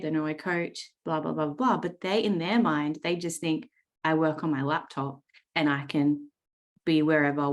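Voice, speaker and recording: An Australian woman in her thirties runs a live coaching call, speaking bluntly and swearing without pause. Her voice sits low and deep, and she keeps tagging her points with "right?" to pull the group in. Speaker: trading coach. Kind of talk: live coaching session talk.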